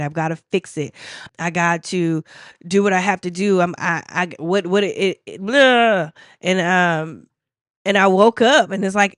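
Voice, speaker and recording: A woman's voice: on the low side, no room sound. Midlife woman host telling her story, earnest, stops and restarts a lot, dry close sound. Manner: earnest and emotional, with halting restarts. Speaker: podcast host. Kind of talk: personal testimony.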